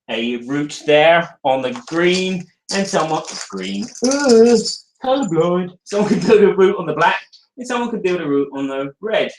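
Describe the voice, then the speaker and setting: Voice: mid-range voice, reverberant. A speaker, hosting a casual live board game review and joking with viewers while demonstrating. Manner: chatty and jokey, talking to viewers while demonstrating.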